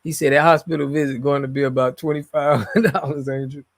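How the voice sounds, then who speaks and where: A gravelly-voiced man at medium pitch talks fast with fairly even intonation while hosting a stream. He reads chat in a relaxed, slangy manner, and his phrases tend to trail off.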